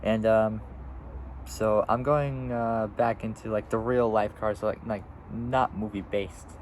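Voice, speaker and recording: A man's voice: lowish voice, steady tone, a little slow, darkish tone, slight background noise, rough recording. A seventeen-year-old boy vlogging outdoors, rambling casually with lots of fillers and restarts. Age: teens. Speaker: YouTuber. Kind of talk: casual vlog.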